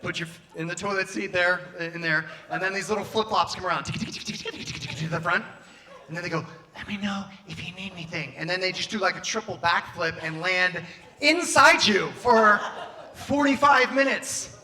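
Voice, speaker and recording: A young man doing a stand-up comedy set, animated and acting out scenes in put-on voices on a club stage. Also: high voice, normal speed.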